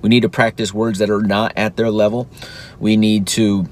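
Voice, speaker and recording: A man's voice: fairly low pitch, flat delivery, moderate pace. A man in his thirties, a father and host, talking casually and earnestly, now and then acting out his own sing-song praise to his little son. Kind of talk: casual reflective talk.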